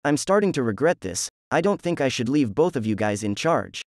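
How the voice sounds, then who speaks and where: A man's voice: mid-range voice, big pitch swings, a little fast, darkish tone, dry recording, clean studio sound. A man playing a stammering nervous bar owner. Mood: flustered. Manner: stammering, flustered.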